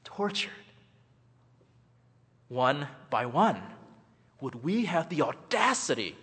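A man's voice: fairly high pitch, big pitch swings, a little slow, a bit bright, slightly rough. A man giving an impassioned, emphatic public speech at a church event. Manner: emphatic, rising and falling for effect. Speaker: guest speaker at a church event. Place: large hall. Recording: reverberant hall.

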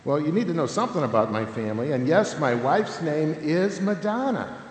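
A man's voice: on the high side, moderate pace, a faint crowd. A man in his fifties giving a humorous conference talk on family ministry, telling stories and checking in with "okay?" all the time. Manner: animated, humorous, keeps adding "okay?". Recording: echoey hall with long reverb, faint noise.

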